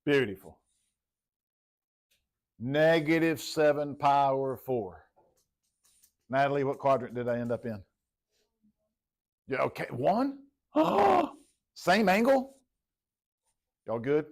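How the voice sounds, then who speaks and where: A man teaching math takes it slowly, pausing often as he plots on the board during his classroom lecture. His voice is medium in pitch, and he calls on students by name to test them.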